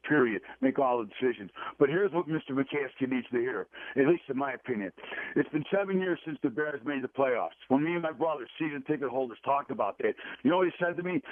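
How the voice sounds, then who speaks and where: Fed-up caller on a tinny phone line. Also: male voice, medium pitch, dry recording. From Chicago. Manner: frustrated, repetitive, emphatic. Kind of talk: call-in rant on sports radio.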